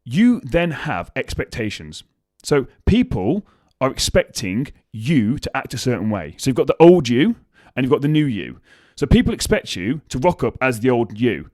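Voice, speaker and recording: Young male podcast host, lively pitch, casual and profane motivational talk. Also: normal speed, no room sound. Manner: swears freely, animated storytelling with acted quotes.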